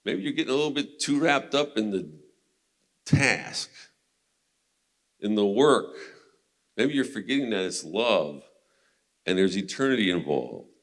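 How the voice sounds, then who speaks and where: A man's voice: fairly low pitch, animated, a little slow, pauses often. A man teaching a men's Bible study in a casual, conversational way, retelling scripture stories and laughing now and then.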